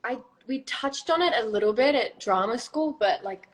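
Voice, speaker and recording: A young Australian woman chats casually on a phone video live stream, giggling and trailing off into whispers. Her fairly high voice has lively intonation at a moderate pace, though the audio is poor.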